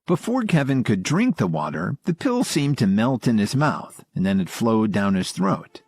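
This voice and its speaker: A man reading scripted audio-drama narration in a calm storytelling manner. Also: medium pitch, moderate pace, husky, no room sound, studio quality.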